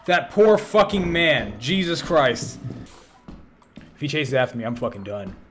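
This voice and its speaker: A man swearing loudly and bantering as he plays a game with friends, yelping when startled. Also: mid-range voice, animated, a little slow, slight background noise. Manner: loud, swearing, jumps into yelps when startled. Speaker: gamer streaming with friends. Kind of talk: casual gaming banter.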